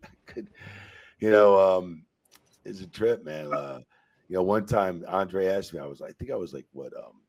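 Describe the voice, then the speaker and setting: A low-pitched man with a gravelly, husky voice. He tells rambling stories in a relaxed interview, swearing freely and padding his lines with "you know" and "man.". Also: normal speed. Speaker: guest, retired wrestling referee. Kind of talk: casual storytelling interview.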